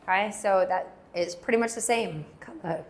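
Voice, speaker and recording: A woman teaching a language lesson, patiently repeating words slowly so learners can follow. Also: medium pitch. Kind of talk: slow pronunciation lesson.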